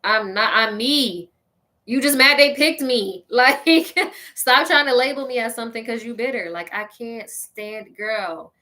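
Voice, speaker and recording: A woman with a fairly high-pitched voice hosts a show, taking her time as she rants straight to her listeners. The rant is casual, comedic, sassy and petty, delivered with animation and frequent laughter.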